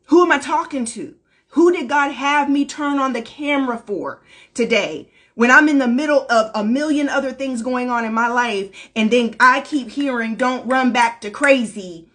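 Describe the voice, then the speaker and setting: A woman's voice: sits high, moderate pace, fairly bright tone. A woman giving an impromptu, emphatic spiritual pep sermon live from home on her phone camera, in casual folksy slang and repeating lines for emphasis. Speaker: spiritual life coach. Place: at home, packing. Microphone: phone or webcam, going live.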